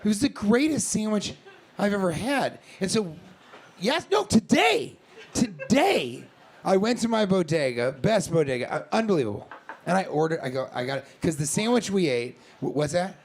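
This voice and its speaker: A man's voice: sits high, expressive, moderate pace. A male stand-up comedian in a small comedy club, riffing with mock-angry profanity at an audience member. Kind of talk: stand-up set with crowd work. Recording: live club recording with loud crowd laughter. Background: loud audience laughter.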